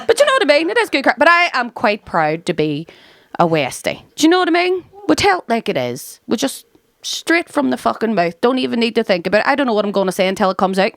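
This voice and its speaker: A woman's voice: a little high, big pitch swings, fast talker, creaky, a bit bright, no room sound, clean studio sound. A woman from West Belfast with a Belfast accent doing a stand-up set, with brash, sweary banter aimed at the crowd. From West Belfast, Northern Ireland. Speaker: stand-up comedian. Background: live audience laughing.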